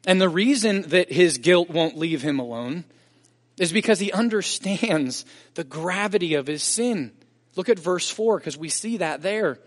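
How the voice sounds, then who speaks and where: A man's voice: sits high, animated, a little slow. A man preaching a sermon as pastor, earnest and emphatic, pressing harder on key points. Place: church sanctuary. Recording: long church reverb.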